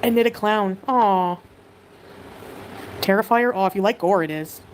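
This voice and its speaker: A woman's voice: medium pitch, unhurried, a little hiss or hum. A Canadian woman livestreaming, chattily reading viewer comments aloud and greeting viewers.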